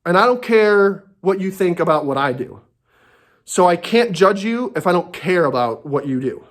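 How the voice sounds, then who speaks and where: A man rants from his home in a sarcastic comedy monologue, full of swearing and outbursts. His voice leaps around in pitch with a very lively, animated delivery. He often talks to himself and loses his train of thought. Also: moderate pace. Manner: angry, profane and sarcastic. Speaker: comedic rant host.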